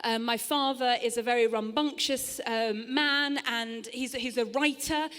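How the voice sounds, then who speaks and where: A middle-aged woman works the room from a theatre stage, her high voice bright and chatty as she mocks herself and tosses quick asides to the crowd. A long reverb from the hall trails every line. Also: fairly even intonation, clean tone. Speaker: stand-up comedian. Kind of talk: live stand-up set.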